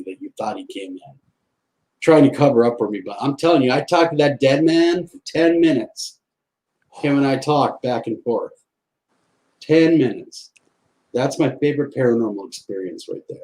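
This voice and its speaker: A man with a warm, mellow voice tells a personal ghost story in a relaxed interview. He acts out the other people's lines as he goes, like an animated storyteller. He sounds like he is on a video call from home. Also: medium pitch, normal speed, reverberant, low-quality recording. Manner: animated storyteller acting out quoted dialogue. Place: home, on a live video stream.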